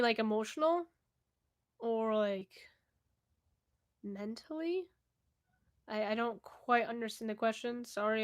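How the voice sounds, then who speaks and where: A young woman answering viewer questions in a casual vlog at home, candid and chatty, often laughing and trailing off. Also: fairly high pitch. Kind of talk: casual Q&A chat to camera. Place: indoors at home, cat nearby.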